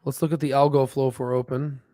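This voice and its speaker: A man's voice: mid-range voice, little pitch movement, brisk, warm tone, dry recording, studio quality. Rambling man hosting a stock livestream. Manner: rambling, filler-heavy, thinks aloud with restarts. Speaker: stock market livestream host. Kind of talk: casual live chat while reading charts.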